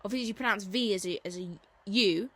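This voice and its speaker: A woman's voice: mid-range voice, fairly quick, a bit bright, husky. A woman giving an informal Latin revision lesson, chatty and enthusiastic, repeating key terms as she goes. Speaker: Latin teacher.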